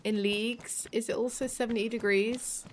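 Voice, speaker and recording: A woman's voice: on the high side, steady tone, normal speed, slight background noise. Sweary English woman streaming a game. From England. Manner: chatty, swears freely, laughs often. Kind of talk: casual live-stream chat while gaming.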